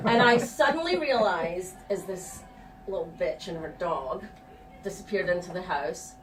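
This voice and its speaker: A woman's voice: mid-range voice, lively intonation, slow pace, a bit bright, faint music behind. A middle-aged woman telling a personal story live on stage, frank and profane and laughing at herself. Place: stage before a live audience. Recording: echoey room, distant mic, faint ambience.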